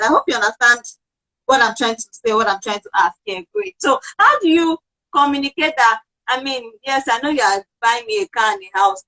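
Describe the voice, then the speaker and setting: A woman hosting a casual conversation, enthusiastic, with quick affirmations. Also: sits high, pushed and bright, poor audio. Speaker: host.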